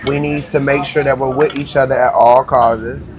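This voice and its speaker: A man co-hosting a podcast, chatting casually over a restaurant meal with loud, playful, slangy banter. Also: mid-range voice, fairly even intonation, moderate pace. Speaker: podcast co-host. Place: busy restaurant. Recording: noisy restaurant crowd. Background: restaurant chatter and clinking dishes.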